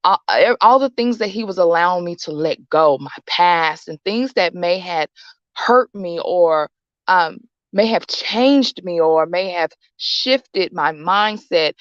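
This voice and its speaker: Female host, late 30s, slightly low voice, repetitive motivational rambling, lo-fi sound. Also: lively intonation, slow, no echo. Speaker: show host. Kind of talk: casual motivational talk.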